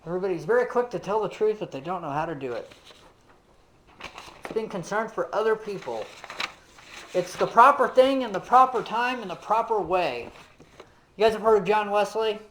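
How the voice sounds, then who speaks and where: A man's voice: sits high, normal speed, pauses often, fairly bright tone, slight background noise, rough recording. A man teaching a casual Bible lesson, talking conversationally with lots of "you know" and putting questions straight to his listeners. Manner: asks the listeners direct questions.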